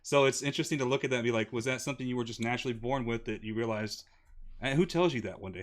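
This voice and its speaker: This is a man hosting a relaxed interview, talking quickly at a middle pitch. He is enthusiastic and laughs easily between his points. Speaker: interview host. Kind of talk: casual interview chat.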